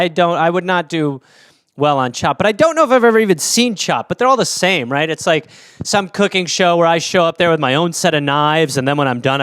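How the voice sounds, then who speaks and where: Rambling, animated man from Wisconsin. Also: clean tone, no echo, studio quality. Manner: rambling, jokey, slips into silly high-pitched character voices. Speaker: podcast host. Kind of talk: solo comedic riffing on listener topics.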